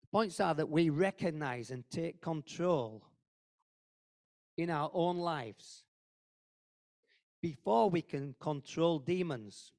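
A man's voice: fairly high pitch, slow pace, pauses often, darkish tone. A man giving an informal, earnest sermon to a church group, talking conversationally and repeating phrases for emphasis. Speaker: lay preacher at a church meeting.

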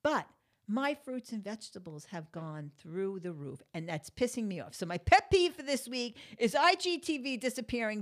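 A woman hosting her own talk show delivers a casual monologue rant, chatty and full of fillers, growing blunt and swearing freely as her exasperation builds. Her voice is a little high and sing-song, fairly bright, at a moderate pace.

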